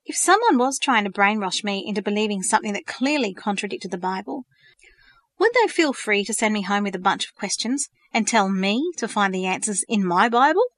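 A woman's voice: mid-range voice, lively intonation, brisk, fairly bright tone, dry recording, studio quality, close to an everyday voice. A woman voicing an earnest, thoughtful teenage girl in a storybook reading, asking pointed questions.

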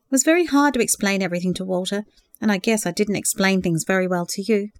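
A woman voicing a hopeful, earnest young woman in love, speaking softly and a little higher than her narration. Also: fast talker, close to an everyday voice. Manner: earnest, emotional, sighing.

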